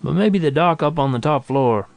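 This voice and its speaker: A man's voice: a little high, lively intonation, normal speed, vocal fry, no echo. A man playing a bored uniformed official, lazy drawl, disdainful, storybook reading.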